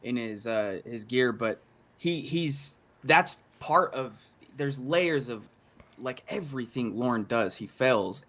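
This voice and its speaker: A man's voice: medium pitch, a bit bright. A male guest chatting casually on a stream, in a laid-back, rambling way. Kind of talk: casual commentary chat.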